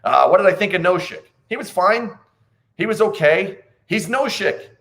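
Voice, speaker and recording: A man's voice: high-pitched, lively intonation, normal speed, creaky, a bit bright. Guy doing a casual hockey recap, blunt, kinda incredulous, swears a bit. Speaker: hockey podcast host. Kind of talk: casual post-game analysis.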